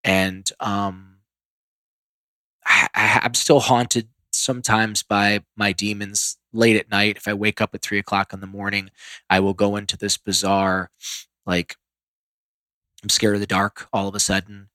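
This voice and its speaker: Guy on a podcast, low voice, rambly and self-deprecating, dry close sound. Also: little pitch movement, a little slow, pushed and bright, dry recording. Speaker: podcast guest. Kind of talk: candid storytelling.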